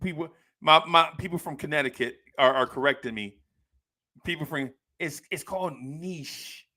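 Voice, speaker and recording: A man's voice: a little high, moderate pace, pushed and bright. A man from Jersey City with a New Jersey accent, hosting a casual podcast, slangy and playful, laughing often and repeating himself. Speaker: podcast host reading listener comments. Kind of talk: casual live podcast chat.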